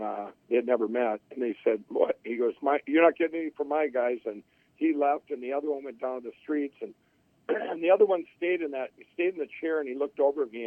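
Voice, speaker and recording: A man's voice: medium pitch, no echo. A middle-aged man telling his life story in an interview, rambling with restarts and acting out what others said. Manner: rambling, with many restarts and acted-out quotes. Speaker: interview guest. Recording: tinny phone-line audio.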